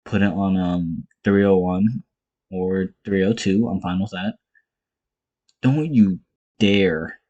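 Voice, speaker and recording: A man's voice: sits low, slow, pauses often, a little mellow, muffled recording. A young man ranting casually and profanely about fight cards in his own vlog, blunt and exasperated, hammering points in short repeated bursts. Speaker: MMA commentator vlogger.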